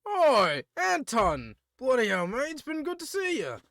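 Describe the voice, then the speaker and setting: A man's voice: very high voice, huge pitch swings, unhurried, no echo, voice pushed up, full character voice. A man voicing a tiny, crude male dwarf blacksmith in a put-on British accent, in a tabletop game. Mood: grumpy. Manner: crude, grumbling, loud.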